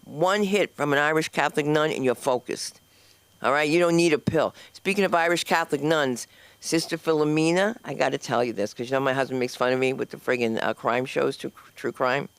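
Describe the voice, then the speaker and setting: Brash woman stand-up host, smooth voice. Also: sits low, a little fast. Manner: brash, chatty, teases the audience. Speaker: open mic host and comedian. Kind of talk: stand-up comedy. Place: comedy club stage. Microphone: handheld microphone.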